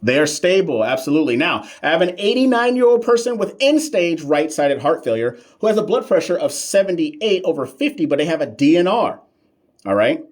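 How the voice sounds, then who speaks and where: A man's voice: fairly high pitch, big pitch swings, brisk. A man tutoring nursing exam questions on a live stream, playful and sassy, talking back to viewers' comments with slang and repeated emphasis. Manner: slang-heavy, emphatic repetition.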